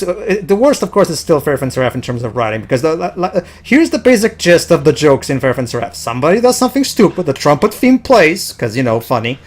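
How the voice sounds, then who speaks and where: A man chatting casually while playing a video game, rambling and restarting his sentences often. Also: a little high. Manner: rambling, restarts a lot, excitable. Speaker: let's play commentator. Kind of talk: casual gaming chat.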